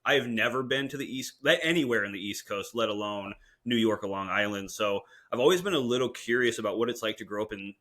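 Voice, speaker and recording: A man's voice: lowish voice, fast, hardly any pauses, fairly bright tone. A man hosting a podcast in casual chat, laid-back, swearing and laughing easily. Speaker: podcast host.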